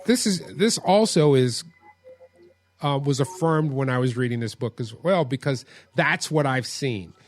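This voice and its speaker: A man hosting an interview, talking in a halting way with frequent restarts. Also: mid-range voice, lively intonation, faint music behind. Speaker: host. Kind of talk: podcast interview.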